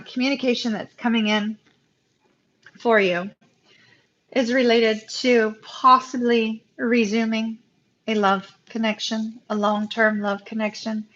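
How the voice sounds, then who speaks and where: A fairly high-voiced woman reads tarot cards on a live stream. She talks slowly and emotionally to her viewers, and the audio is dull and lo-fi. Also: fairly bright tone. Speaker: tarot reader.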